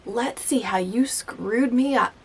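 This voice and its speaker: A frantic, drunken female salon client lashes out with accusing complaints, as a woman acts her out while telling a story. Her voice has a gravelly fry and dips into a rough half-whisper. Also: a little high, takes it slowly, slight background noise. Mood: angry.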